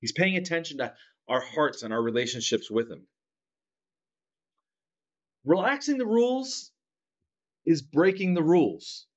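Man preaching a relaxed sermon, lo-fi. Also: on the high side, measured pace, long pauses. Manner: conversational, asks the congregation "right?" often; acts out children's grudging apologies. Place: church.

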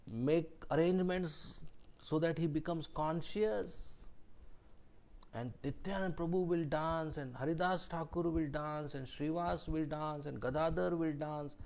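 A man tells a devotional story in a scripture class. His delivery is slow and deliberate. His voice sits fairly high, and he sometimes drops to a hush for emphasis. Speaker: speaker giving a scripture class.

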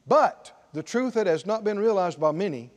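A man's voice: high-pitched, expressive, normal speed, a little mellow. A middle-aged man preaching a sermon as pastor in a church, emphatic and calling out to the congregation. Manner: emphatic, call-and-response preaching.

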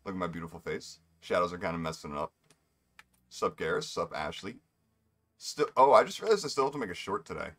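A man's voice: sits low, animated, a little fast, a bit bright. Rambling young man streaming a game. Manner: rambling, joking asides to himself. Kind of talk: casual gameplay commentary.

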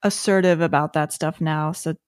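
A woman interviewing an actor, friendly and quick to laugh along. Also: low-pitched, steady tone, darkish tone, no echo, clean studio sound. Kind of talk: interview questions.

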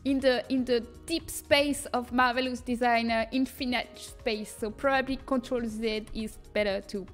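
A woman's voice: a little high, fairly even intonation, normal speed, few pauses, faint music behind. A young woman with a French accent giving a casual livestream tutorial, chatting, reading viewer comments and laughing often. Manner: chatty, laughs often, reads chat aloud. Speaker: streamer teaching custom content.

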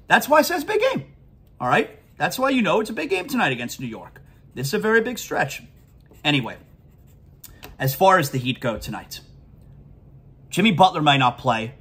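A man's voice: high-pitched, a bit bright, breathy edge. A man hosting a sports talk show, ranting emphatically and repeating his key points. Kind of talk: sports talk podcast rant.

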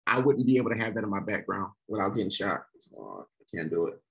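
A man joining a podcast as a comedian guest over a video call, talking fast and joking. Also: lowish voice, animated, gravelly, husky. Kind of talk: casual chat.

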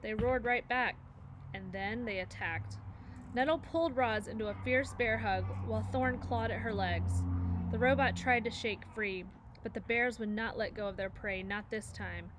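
A woman's voice: on the high side, moderate pace. A woman reading a children's story aloud, narrating expressively and acting out each character. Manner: expressive, acts out voices. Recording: faint background noise.

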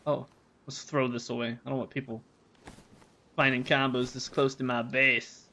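Bright-voiced joking American streamer man. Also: medium pitch, little pitch movement, normal speed. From United States. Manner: joking, rambling, answers chat. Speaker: game streamer. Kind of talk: casual live-stream chat while gaming.

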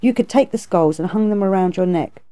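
A woman reading aloud, voicing a stern, lofty female Bodhisattva who admonishes calmly. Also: mid-range voice, brisk, close to an everyday voice. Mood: admonishing. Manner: calm, admonishing.

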